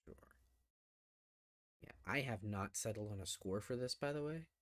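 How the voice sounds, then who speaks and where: A man co-hosting a podcast, reviewing films in a relaxed, hedging, rambling way. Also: lowish voice, moderate pace, no room sound, studio quality. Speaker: podcast co-host. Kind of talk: casual film review chat.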